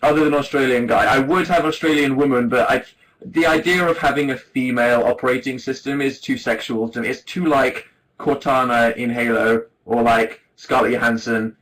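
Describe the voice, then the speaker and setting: A man's voice: mid-range voice, steady tone, moderate pace, fairly bright tone, rough recording. A man in his twenties hosting a casual livestream, rambling and self-deprecating, laughing often into a webcam mic. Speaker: livestream host. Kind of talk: casual chat to viewers.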